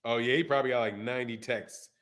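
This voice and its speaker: A man's voice: mid-range voice, steady tone, quick pace, a bit bright. A middle-aged man hosting a casual live stream, talking loosely in slang and reading viewer questions aloud. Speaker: host of a boxing channel live stream.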